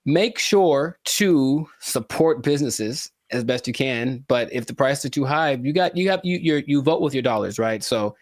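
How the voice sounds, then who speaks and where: A man hosting a casual podcast, animated and jokey, with rambling asides. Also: mid-range voice, normal speed, hardly any pauses, no room sound, clean studio sound. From California. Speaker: podcast host and musician.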